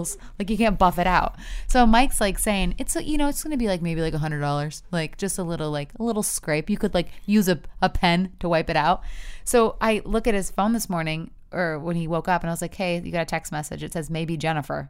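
A woman's voice: on the low side, clean tone. A woman in her thirties co-hosting a podcast, chatting casually and telling stories full of fillers. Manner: chatty, lots of fillers, animated storytelling. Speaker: podcast co-host. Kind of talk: casual chat.

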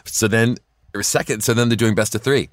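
A middle-aged male comedian chatting as a podcast guest, telling animated, laughing stories about his young kids. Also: fairly low pitch, brisk, no echo, clean studio sound. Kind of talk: casual podcast chat, storytelling.

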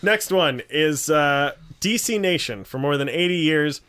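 A man's voice: a little high, expressive, a little slow, fairly bright tone, smooth. A man co-hosting a casual podcast, rambling with lots of "like" fillers and reading out panel blurbs. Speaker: podcast co-host. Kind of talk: casual chat.

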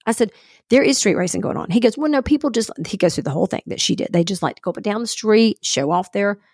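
A female podcast co-host with a medium-pitched, slightly rough voice spins a story at a quick pace, voicing the other people's dialogue with animation. The chat is casual, and the studio sound is clean with no echo.

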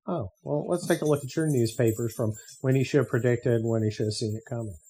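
A man's voice: medium pitch, steady tone, fast, dark tone, husky. A man hosting a podcast, talking casually in a sarcastic, profane rant. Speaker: podcast host. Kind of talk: casual monologue.

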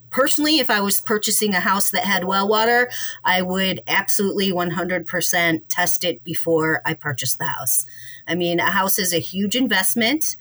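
A woman's voice: mid-range voice, sharp tone. A woman guest on a podcast, explaining practical advice plainly and with a dry sense of humor. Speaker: water quality expert guest. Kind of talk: casual chat.

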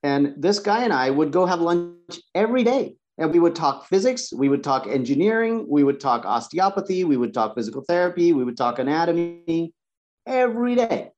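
A slightly high-voiced man tells his story as a guest, tripping over his first words and clearing his throat now and then. The sound is muffled and lo-fi, with little top end. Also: normal speed. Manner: restarts words often, clears throat, animated retelling. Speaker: guest, massage therapist. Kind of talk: conversational storytelling. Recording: dull lo-fi sound.

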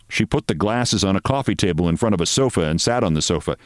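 A male podcast host reading a short story aloud with expressive storytelling. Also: low-pitched, fast talker, few pauses, no echo, clean studio sound. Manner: expressive storytelling, shifting voices.

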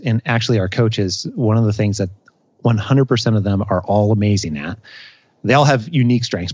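A man talking as a career coach in a relaxed podcast chat. He explains in quick, energetic bursts. The recording is dry and close, with a slightly dull, muffled sound. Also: lowish voice, husky, no echo. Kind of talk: casual podcast conversation.

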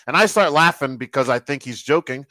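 A man casually telling a backstage story as a guest, animated and quoting the people in it. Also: mid-range voice, brisk, dry recording, poor audio. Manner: animated storyteller who quotes other people. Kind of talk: casual anecdote.

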